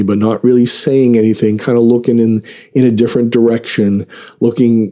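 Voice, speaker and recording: A man recounts a personal story in a relaxed, self-mocking manner, chuckling between lines. His fairly low voice is warm and mellow rather than bright.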